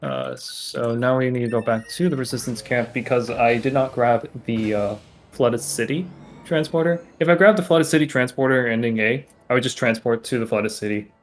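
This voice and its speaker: A man explaining a speedrun route as he plays, in a halting, loose live-stream commentary style. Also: mid-range voice, rough recording. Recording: game music playing behind the voice.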